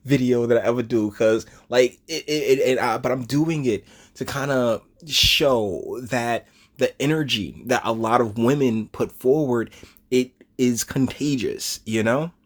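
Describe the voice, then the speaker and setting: A man's voice: medium pitch, unhurried. A man giving casual, mocking reaction commentary on a video, laughing often and stumbling over his words.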